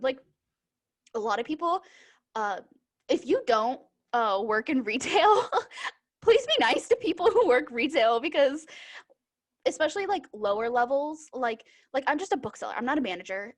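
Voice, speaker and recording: A young woman co-hosting a casual podcast, chatting with lots of fillers and restarts. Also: on the high side. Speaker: podcast co-host, bookseller. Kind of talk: casual chat.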